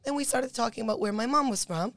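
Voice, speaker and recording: A young woman from Cyprus speaks as a podcast guest, telling a story at a quick clip. She slips into the voices of the people in it. The sound is dry and close. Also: a little high, no echo. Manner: fast, animated storytelling that acts out other people's words. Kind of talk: casual storytelling.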